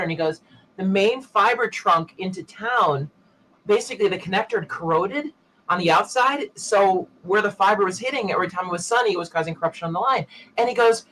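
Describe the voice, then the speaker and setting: A man with a high, bright voice hosts a casual tech chat. He tells long stories and acts out the other people's lines as he goes. A faint hum of room noise sits under him. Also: low-quality recording. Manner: animated anecdote teller, acting out other people's lines. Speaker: show host.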